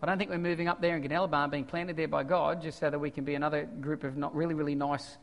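A male pastor preaching a sermon, swinging from quiet scripture reading to loud animated asides. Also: fairly high pitch, racing, in a large hall.

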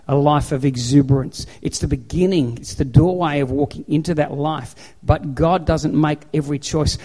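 Male pastor preaching, fairly high voice, hammering the same line over and over. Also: mellow. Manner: emphatic, repetitive, exhorting. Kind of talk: sermon. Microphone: handheld microphone.

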